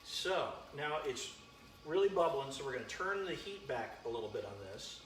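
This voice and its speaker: A man's voice: mid-range voice, sing-song, normal speed, fairly bright tone, echoey room, a little hiss or hum. A man hosting a live-streamed home cooking demo, chatting with viewers by name as he cooks in his kitchen. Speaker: home cooking show host.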